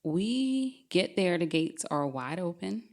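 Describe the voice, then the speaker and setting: A woman's voice: fairly low pitch, big pitch swings, slow pace. A woman, guest on a podcast, animatedly telling a true scary story and laughing as she goes. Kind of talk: casual storytelling.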